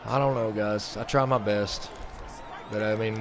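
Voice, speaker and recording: A man hosting a sports video game channel, giving let's-play commentary in a mock play-by-play style. He vents and swings between flat grumbling and excited outbursts. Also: lowish voice, unhurried, noisy background. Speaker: gaming channel host.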